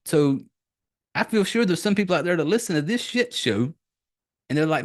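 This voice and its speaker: A man's voice: fairly high pitch, animated, normal speed. A man hosting a podcast, talking in a crude, profane, rambling way with lots of fillers and restarts. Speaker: podcast host. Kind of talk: casual rambling podcast monologue.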